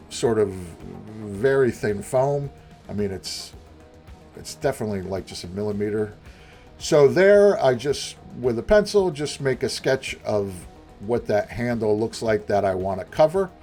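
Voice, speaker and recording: A man's voice: mid-range voice, darkish tone. A man narrating a prop-making tutorial voice-over in a chatty, self-deprecating, rambling way with frequent restarts. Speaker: prop maker.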